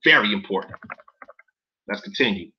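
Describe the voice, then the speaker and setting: A man's voice: on the low side, lively intonation, normal speed, dull audio. A man reading documents aloud in casual commentary to viewers, incredulous and profane, often stopping to ask them questions.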